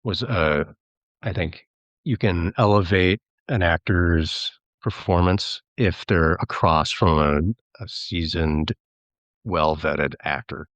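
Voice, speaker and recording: A man's voice: low-pitched, slow, fairly bright tone, no room sound, highs cut off. A man, a filmmaker and actor, talking as a podcast guest in a chatty, rambling way and mimicking voices when he quotes people. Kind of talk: casual podcast interview.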